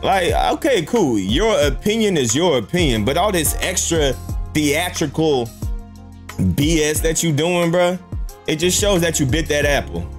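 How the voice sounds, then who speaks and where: Incredulous man in a lively reaction rant. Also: fairly high pitch. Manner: incredulous, repeats "bruh", rhetorical questions. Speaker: YouTube reaction host. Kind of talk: casual reaction commentary.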